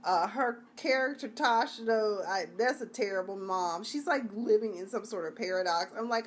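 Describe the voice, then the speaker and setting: A woman's voice: a little high, animated, moderate pace, few pauses, slight background noise. A woman hosting a casual live-stream review, talking in a chatty, rambling, slangy way. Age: adult (junior high long ago).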